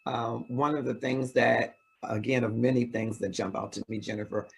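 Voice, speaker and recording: A man hosting an interview, calm and affirming as he asks questions. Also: mid-range voice, moderate pace, creaky, slightly rough. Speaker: interview host. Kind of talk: interviewing a guest.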